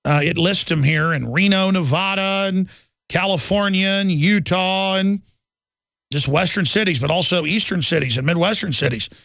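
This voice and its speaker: Gravelly guy ranting on talk radio, high pitched, super dry mic. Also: a bit bright, no echo. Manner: rapid, intense ranting, mocking officials in sing-song voices. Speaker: radio talk show host.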